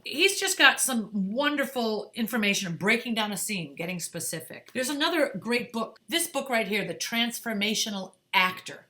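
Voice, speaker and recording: A woman's voice: on the high side, sharp tone. A middle-aged woman giving acting advice straight to the camera in an emphatic, conversational way, checking in with "okay?" and "right?". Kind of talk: direct-to-camera advice talk.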